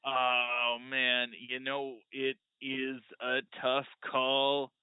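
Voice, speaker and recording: A man's voice: mid-range voice, completely flat delivery, very slow, smooth, no echo. A man in casual chat as a guest debater, joking around and trying clumsy impressions, heard on a remote call. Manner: jokey, attempts clumsy impressions. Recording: tinny phone-like line.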